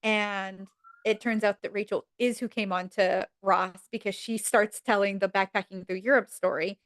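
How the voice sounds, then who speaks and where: A woman on a podcast casually retelling TV episodes with lots of fillers, jumping high in pitch to act out each character's lines. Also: steady tone, normal speed, fairly bright tone, no room sound. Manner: frequent fillers like "um" and "like". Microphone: podcast mic.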